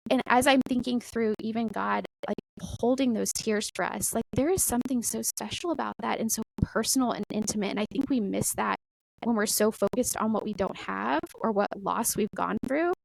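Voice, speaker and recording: A middle-aged woman talking casually about faith as a podcast guest, animated and full of "like" and "right?". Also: a little high, moderate pace, gravelly, dry recording, poor audio.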